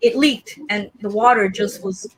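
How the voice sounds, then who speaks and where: A woman's voice: medium pitch, moderate pace, slight background noise. A woman co-hosting a live stream from her apartment, rambling and laughing as she chats. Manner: chatty, rambling, laughs often. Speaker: co-host of a live collectibles stream. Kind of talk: casual live-stream chat.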